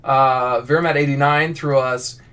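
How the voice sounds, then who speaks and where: A man's voice: medium pitch, steady tone, moderate pace, pushed and bright, smooth. A man live-streaming his writing, rambling casually through viewer prompts with lots of restarts and self-deprecating asides. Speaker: fiction writer live-streaming. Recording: voice somewhat far from mic.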